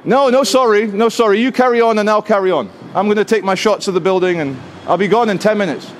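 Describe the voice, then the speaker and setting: Outdoors in a city plaza, a man with a high voice speaks fast over slight background noise while filming in the street. Cheeky, argumentative and animated, this street filmmaker spars with security staff over his right to film in a confrontational chat.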